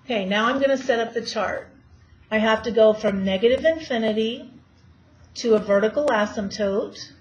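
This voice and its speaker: A fairly high-pitched woman at a moderate pace teaches a math lecture, questioning her students while she works through problems. The recording sounds dull and lo-fi, with faint hiss in the background.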